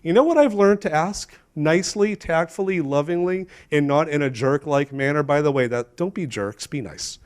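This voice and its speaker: Emphatic pastor preaching a sermon. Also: male voice, on the high side, animated, moderate pace, few pauses, clear, resonant tone. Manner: emphatic, asks the congregation questions, shifts between loud and hushed. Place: church sanctuary.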